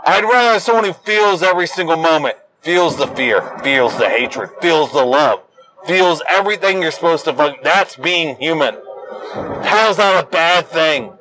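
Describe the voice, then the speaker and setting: Young adult male host, high-pitched, swearing, combative rant, bursts into yelling. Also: lively intonation, moderate pace, slight background noise, rough recording. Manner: profane, combative and ranting. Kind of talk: angry solo rant.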